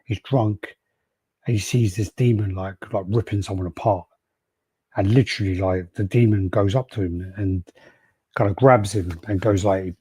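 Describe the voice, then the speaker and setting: A man's voice: fairly low pitch, fairly even intonation, moderate pace, warm tone, slightly rough, no room sound. A man hosting a casual podcast, rambling through stories, acting out quotes and swearing freely. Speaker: podcast host. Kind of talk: casual chat.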